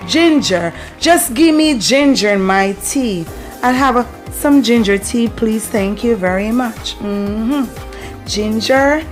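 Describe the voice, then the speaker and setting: Jamaican woman, vlog lesson, fairly high voice, playful, music behind. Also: a little slow. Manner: playful, repeats phrases for practice. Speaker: vlogger teaching patois. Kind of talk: lively language lesson.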